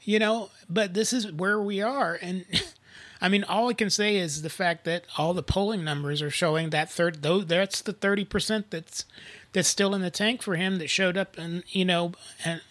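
A man's voice: sits high, moderate pace, no room sound. Rambling man in dry political chat. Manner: rambling, frequent restarts, animated retelling.

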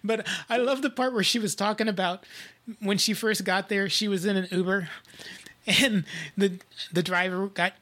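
A man's voice: high voice, steady tone, normal speed, pushed and bright. A man co-hosting a casual political talk show, retelling stories and laughing often. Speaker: podcast co-host.

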